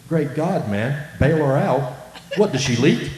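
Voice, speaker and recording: A man doing a young barefoot Hatteras islander with an Outer Banks accent, loud, high and excited. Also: moderate pace, reverberant, heavy background noise, close to an everyday voice. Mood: astonished.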